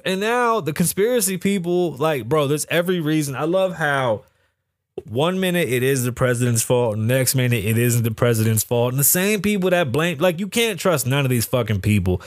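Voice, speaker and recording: Swearing casual podcast host, dry sound. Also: male voice, a little high, animated, brisk, dry recording. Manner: rambling, swears a lot, laughs at the news. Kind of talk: casual profane commentary.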